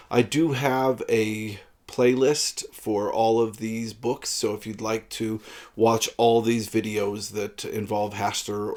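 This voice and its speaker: A man giving a casual, rambling book talk with frequent fillers. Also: on the low side. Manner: relaxed, rambling with frequent uhs. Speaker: book reviewer.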